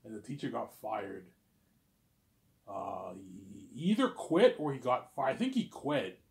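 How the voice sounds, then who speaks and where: A man's voice: medium pitch, huge pitch swings, a little slow, gravelly, a little mellow. A man in his thirties telling a personal story in a casual monologue, rambling, repeating himself and swearing often. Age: 30s. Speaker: vlogger.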